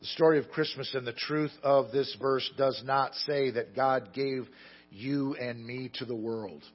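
A man preaching a sermon, telling stories with self-deprecating humor and swinging between loud emphasis and quiet asides. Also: medium pitch, steady tone, measured pace, highs cut off. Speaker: pastor.

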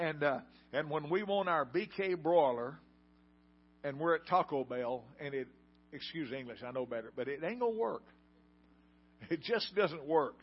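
Older preacher guy telling a story in a sermon, kinda high voice, asks the crowd stuff, muffled sound. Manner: folksy storytelling, asks the congregation questions. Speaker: pastor. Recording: dull lo-fi sound.

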